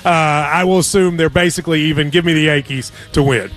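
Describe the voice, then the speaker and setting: A man's voice: a little high, fairly even intonation, fairly quick, fairly bright tone, soft background music. A man hosting a sports radio show, chatting casually about betting picks with wry, playful banter.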